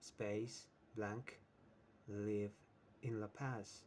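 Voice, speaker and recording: A man's voice: fairly low pitch, fairly even intonation, extremely slow, a little mellow, a little hiss or hum. A man teaching an English lesson who explains with many examples and keeps checking in with "right?". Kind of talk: slow, patient English lesson.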